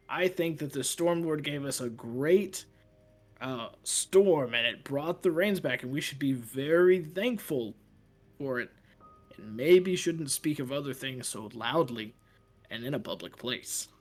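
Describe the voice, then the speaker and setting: A man's voice: medium pitch, expressive, a little slow. A man playing a stammering nervous priest. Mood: evasive. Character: nervous evasive male priest.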